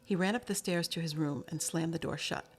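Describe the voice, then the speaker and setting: A woman narrating a novel chapter in a steady, measured reading voice. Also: deep voice. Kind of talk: storybook narration.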